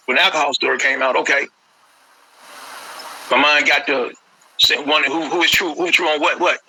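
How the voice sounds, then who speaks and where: Impassioned man, bright gravelly voice. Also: on the high side, steady tone, fairly quick, low-quality recording. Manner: impassioned, repeats phrases. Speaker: grieving father interviewed. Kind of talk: emotional phone interview.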